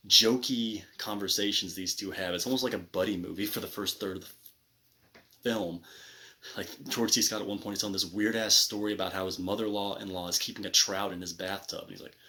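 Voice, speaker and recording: A man's voice: low-pitched, steady tone, fairly quick, bright, forceful tone. A man reviewing a movie in casual, rambling commentary, full of restarts and asides. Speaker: film reviewer.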